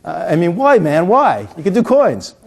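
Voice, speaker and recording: A man's voice: high-pitched, wildly swooping pitch, moderate pace, vocal fry. A middle-aged man performing coin magic with jokey patter, then explaining the trick, often restarting his words. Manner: joking, punny, stammers and restarts. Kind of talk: comedic magic patter and teaching.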